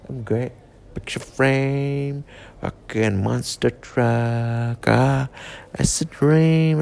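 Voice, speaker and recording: A man's voice: medium pitch, fairly even intonation, drawn-out words, creaky, a little mellow, smooth. A drunk, stoned man rambling through a comedy monologue, slurred and swearing. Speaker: comedic vlogger.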